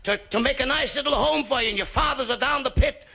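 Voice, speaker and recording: A man's voice: extremely high pitch, fast, vocal fry, pushed and bright, voice pushed up, full character voice. A man doing a fussing middle-aged Italian mother with a put-on Italian accent and broken grammar, on an old stand-up comedy recording. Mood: exasperated. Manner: exasperated scolding with broken grammar.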